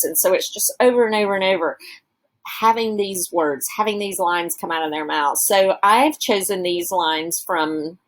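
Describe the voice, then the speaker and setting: A woman teacher walking through classroom exercises on her slides, thinking aloud with frequent fillers. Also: lowish voice. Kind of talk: presenting teaching ideas over slides.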